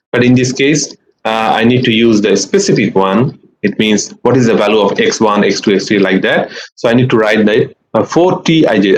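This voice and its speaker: A man lecturing a class, explaining step by step in a halting way and often checking in with "okay?" and "right?". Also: mid-range voice, slight background noise, rough recording. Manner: walks through steps patiently, counting them aloud. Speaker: university lecturer.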